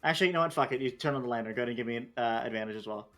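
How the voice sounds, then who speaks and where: A man's voice: mid-range voice, rapid-fire, a bit bright, faint music behind. A man running a tabletop game as game master, talking loosely with lots of fillers and restarts.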